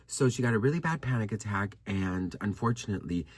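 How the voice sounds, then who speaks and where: A young man chatting to his viewers in a sassy, animated way, storytelling and gossiping as a vlogger. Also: lowish voice, a little fast, husky. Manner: animated, sassy, addresses viewers as girl and honey.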